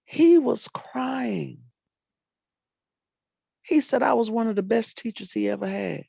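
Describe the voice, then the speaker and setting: Older woman spinning lively teacher stories, gravelly. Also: mid-range voice, fast talker, dry recording. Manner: animated storyteller, acts out quotes, folksy Southern phrasing. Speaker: retired teacher and librarian. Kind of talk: storytelling in casual talk. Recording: dull lo-fi dry sound.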